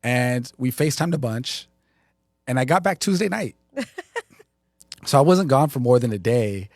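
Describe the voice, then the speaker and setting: A man co-hosting a casual live chat show, his voice at a middle pitch and sitting close and dry in the room. He tells stories with lively energy and quotes what people told him. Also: normal speed, dry recording. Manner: animated storyteller, quotes others. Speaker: co-host.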